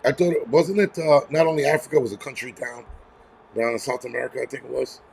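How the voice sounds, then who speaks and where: Gravelly, profane New man ranting. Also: medium pitch, steady tone, fast, a little mellow, a little hiss or hum. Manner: profane, blunt, rambling. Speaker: livestream host. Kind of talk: casual angry livestream rant. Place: home near a terrace.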